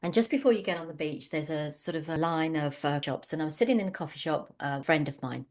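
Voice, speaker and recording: A woman's voice: sits low, quick pace, a little mellow. A woman, an online business coach, giving a conversational webinar talk full of anecdotes and frequent ums. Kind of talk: webinar presentation.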